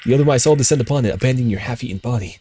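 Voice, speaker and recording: A man's voice: medium pitch, rapid-fire, dark tone, breathy edge. A young man livestreaming a horror game, reading the game text aloud and reacting with swearing and exclamations. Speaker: streamer.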